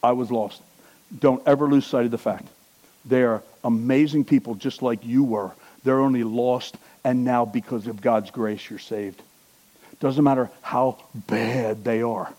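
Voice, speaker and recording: A man preaching a sermon who swings from loud, high exclamations to quiet, low earnestness and puts questions to the congregation. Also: steady tone, measured pace, rough recording.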